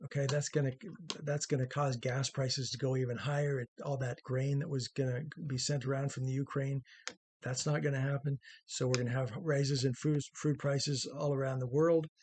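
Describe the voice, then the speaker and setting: A man's voice: mid-range voice, flat delivery, moderate pace, a little mellow, slight background noise. A middle-aged man hosting an opinion commentary monologue, rambling and conversational with many fillers and restarts, earnest in tone. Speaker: host.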